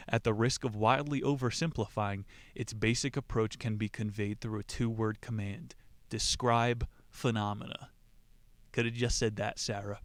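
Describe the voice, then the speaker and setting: A man's voice: fairly low pitch, steady tone, unhurried, dry recording. A man hosting a podcast, riffing casually and mockingly on a philosophy book and reading quotes from it aloud. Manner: irreverent, rambling, mocking, reads quotes aloud. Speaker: podcast host.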